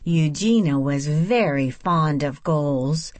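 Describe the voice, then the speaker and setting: A woman reading a storybook aloud in a measured, expressive narration. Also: low-pitched, no room sound. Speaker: audiobook narrator.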